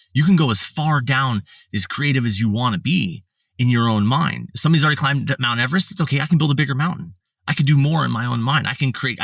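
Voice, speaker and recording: A man's voice: mid-range voice, vocal fry, a bit bright, no echo. A man from the United States, a podcast guest telling his life story in a casual, rambling way with lots of fillers and restarts. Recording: slightly distant mic, dry sound.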